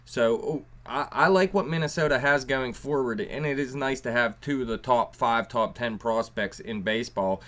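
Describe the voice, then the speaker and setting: A man co-hosting a sports podcast, breaking down the game in a measured, hesitant way with frequent restarts. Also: medium pitch, a bit bright. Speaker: podcast co-host. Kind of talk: casual sports analysis.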